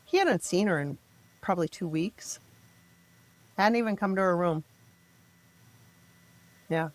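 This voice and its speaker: A middle-aged mother from the American Midwest telling her family's story in an interview, emphatic and frank, turning animated when she quotes others. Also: lowish voice, unhurried. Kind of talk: personal storytelling in a podcast interview.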